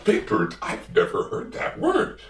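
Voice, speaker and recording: A man's voice: unhurried, roomy sound, far from the mic, background noise, close to an everyday voice. A man voicing a patient, sensible grown man in a plain, matter-of-fact way.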